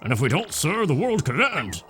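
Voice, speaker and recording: A man's voice: fairly high pitch, very animated, moderate pace, fairly bright tone, a little hiss or hum. A man voicing a pompous old male Bob-omb sailor who talks in a clipped, stuffy way. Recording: game music behind.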